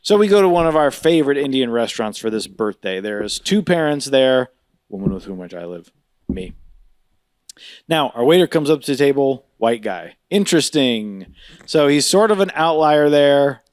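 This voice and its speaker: A man's voice: moderate pace, smooth, no room sound, studio quality. A man co-hosting a podcast, telling a funny story in casual chat, laughing often and mimicking voices. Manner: animated, laughs often, mimics voices with big pitch jumps. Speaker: podcast co-host.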